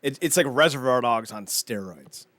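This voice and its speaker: A man's voice: medium pitch, expressive, normal speed, a bit bright, dry recording. A man co-hosting a casual chat podcast, his mid-range voice recorded close and dry. He recaps TV episodes by acting out the characters' lines, with plenty of fillers and asides. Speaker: podcast co-host.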